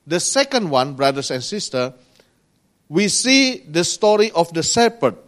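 Slow, earnest man preaching a sermon. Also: fairly high pitch, big pitch swings, fairly bright tone. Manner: slow, earnest preaching with pauses and rising emphasis; non-native grammar.

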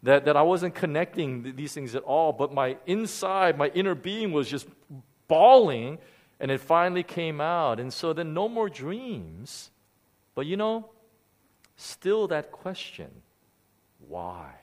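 A man's voice: a little high, a little slow. A middle-aged man, a pastor, delivering a sermon as candid personal storytelling. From Korea. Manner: candid storytelling with lively swings.

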